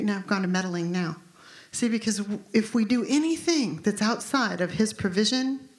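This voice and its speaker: Animated woman pastor preaching in an echoey room. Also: mid-range voice. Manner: animated, emphatic, conversational preaching. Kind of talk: sermon.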